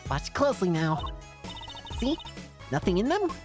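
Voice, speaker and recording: A man's voice: high-pitched, very animated, unhurried, pitched above the performer's own voice. A man voicing a bubbly, teasing teenage girl stage magician as he reads game dialogue aloud. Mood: playful. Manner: teasing, chirpy and playful. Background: game music.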